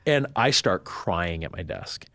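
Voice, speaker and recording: Lowish guy spinning a story on a podcast, lively, throws on voices for people he quotes, dry close sound. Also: unhurried, dry recording. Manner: animated, acts out quoted voices. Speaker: podcast guest. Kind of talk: storytelling in casual chat.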